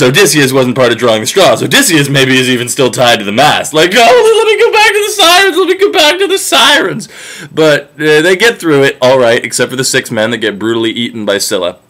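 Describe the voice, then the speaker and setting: A man's voice: mid-range voice, a bit bright. A man narrating a myth in a casual, sarcastic and profane comic retelling.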